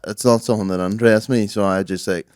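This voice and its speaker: An Irish man co-hosting a podcast, telling stories in a laid-back, low-key way with plenty of swearing. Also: fairly even intonation, quick pace, a little mellow, dry recording, studio quality. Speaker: podcast co-host. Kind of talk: casual chat.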